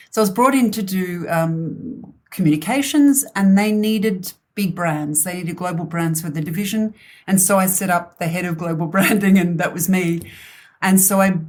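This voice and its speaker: A middle-aged woman from Australia, a guest talking about her career in a chatty, halting way. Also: lowish voice, a little mellow. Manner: chatty, hesitant with fillers and restarts. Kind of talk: casual interview.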